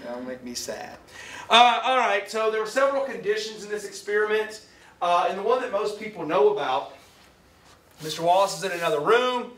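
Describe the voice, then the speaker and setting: A man with a high, slightly bright voice and lively intonation lectures at a normal speed in a lecture hall, joking and chatting as he asks his class questions. The recording is echoey and picked up from far off.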